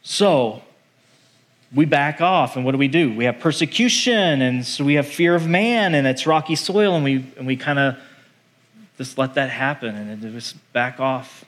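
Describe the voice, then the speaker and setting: A male pastor preaching a sermon in an animated, conversational way, acting out the voices he quotes. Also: mid-range voice, moderate pace.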